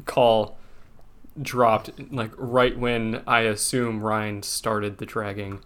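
A man's voice: fairly low pitch, little pitch movement, slow pace, a bit bright, a little hiss or hum. Podcast cohost dude on a video call, jokey, laughs at his own bits. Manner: joking, laughs at himself. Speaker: podcast co-host. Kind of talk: casual chat.

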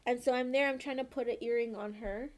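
A young woman telling a long story in casual chat, profane and animated, checking in with "okay?" as she goes. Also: on the high side, fast. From born and raised in the country she lives in.

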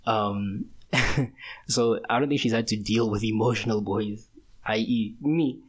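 A man's voice: on the low side, a little slow. A young man in his twenties hosting a solo podcast, talking in a casual, rambling, slangy way. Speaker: podcast host.

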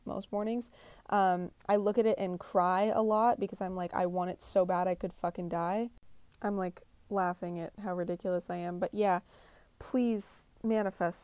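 A woman's voice: medium pitch, a little mellow, dry recording. A young woman giving a blunt, profane motivational pep talk, swearing freely and pushing the listener hard. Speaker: motivational speaker.

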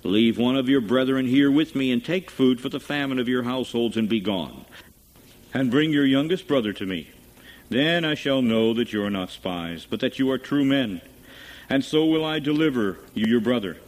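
A man's voice: mid-range voice, lively intonation, moderate pace, natural voice, rough recording. A man reading aloud as a band of anxious brothers, earnest and urgent as they recount events. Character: anxious brothers pleading their honesty. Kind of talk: scripture reading.

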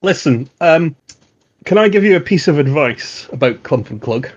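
A man's voice: expressive, normal speed. A man voicing a friendly, handsome young male town guardsman who talks in a confiding, helpful way, heard over a dull, lo-fi line. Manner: confiding, low-key helpful.

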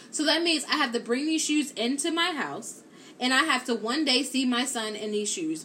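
A woman hosting a live stream, telling a rambling, animated story to her viewers and peppering it with "like" and "or whatever.". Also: a little high, slight background noise.

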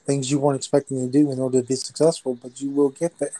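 A man's voice: medium pitch, flat delivery, fast, mellow, poor audio. A man hosting a live motivational talk show, emphatic and preachy, repeating lines for effect. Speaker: host.

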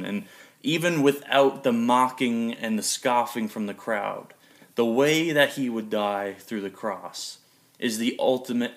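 A young man preaching a sermon in a conversational, earnest way. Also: on the low side. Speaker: pastor.

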